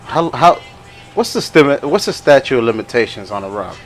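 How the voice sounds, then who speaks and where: A man's voice: mid-range voice, sing-song, brisk, soft background music. A young man co-hosting a podcast, telling stories in a rambling way, laughing often and acting out what people said. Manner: rambling, laughing, acts out quotes in other voices. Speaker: podcast co-host. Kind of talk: casual storytelling chat.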